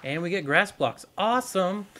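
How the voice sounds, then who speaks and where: A man's voice: high-pitched, lively intonation, moderate pace, pushed and bright. Casual young man narrating gameplay. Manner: rambling, talks to viewers while playing. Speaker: gaming YouTuber. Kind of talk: casual let's-play commentary.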